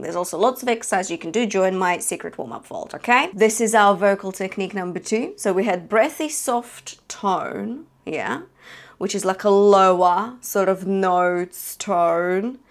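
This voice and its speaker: A woman giving an online singing lesson. She explains techniques and breaks into short sung demonstrations, often checking in with a questioning "yeah?". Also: mid-range voice. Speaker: singing teacher.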